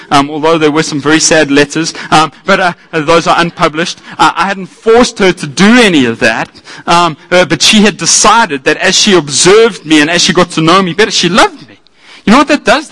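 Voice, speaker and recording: A man preaching a sermon, animated and self-deprecating, swinging from quiet asides to loud exclamations. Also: on the high side, poor audio. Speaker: pastor.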